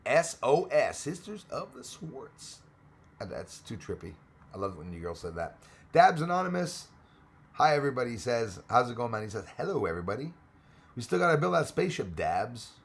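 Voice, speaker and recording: A man's voice: mid-range voice, sing-song, brisk, vocal fry, breathy edge. A man hosting a casual live stream, chatting with viewers, greeting them by name and laughing often. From Australia.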